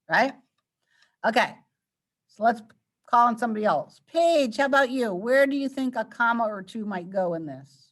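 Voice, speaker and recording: A woman's voice: on the high side, expressive, normal speed. A woman teacher leading an online grammar lesson, patiently quizzing her students and walking them through each answer. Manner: patient, coaxing questions to students.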